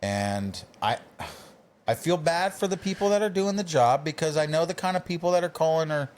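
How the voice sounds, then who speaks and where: A man's voice: on the high side, lively intonation, fairly quick. A man co-hosting a casual podcast, talking bluntly and wryly with some profanity. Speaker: podcast co-host. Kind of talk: casual chat.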